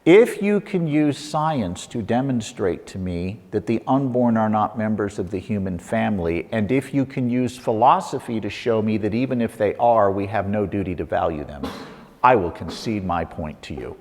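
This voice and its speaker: A middle-aged man giving a lively talk to an audience, asking rhetorical questions with playful asides, on a mic in a lecture hall. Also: fairly low pitch, moderate pace. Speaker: speaker. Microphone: handheld or lapel mic. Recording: long hall reverb.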